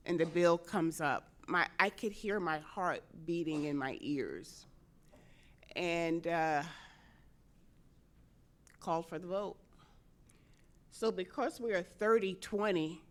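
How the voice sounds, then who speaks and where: Lively woman telling a story on stage. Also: on the low side. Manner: animated storytelling, laughs often, acts out quotes. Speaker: convention speaker, state senator. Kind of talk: personal story told to an audience.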